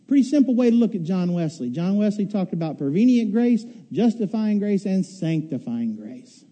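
High-voiced, mellow storytelling male pastor. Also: very animated, moderate pace, few pauses. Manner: folksy storytelling, repeats words. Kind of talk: sermon.

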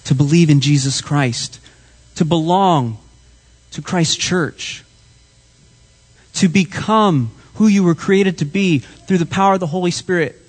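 A male pastor preaching a sermon, dramatic, swinging from soft whispers to loud cries. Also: fairly high pitch, breathy edge.

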